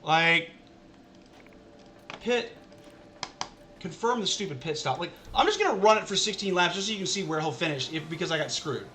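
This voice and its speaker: A man streaming a game for his chat, his voice high and bright with a forceful edge. He rants in an exasperated, casual way and keeps circling back to the same complaint. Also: lively intonation, moderate pace, long pauses, slight background noise. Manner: exasperated ranting, repeats himself. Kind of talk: casual live-stream commentary.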